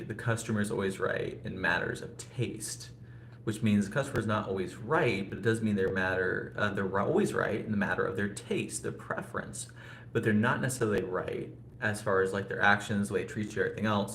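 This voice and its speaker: A man talks loosely to his live viewers, rambling and filling gaps with little asides. His voice sits a bit low and carries no regional accent. The room is echoey, with a faint hum of ambient noise behind him. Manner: rambling, talks to chat viewers, frequent fillers. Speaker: vlogger. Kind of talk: casual live-stream chat.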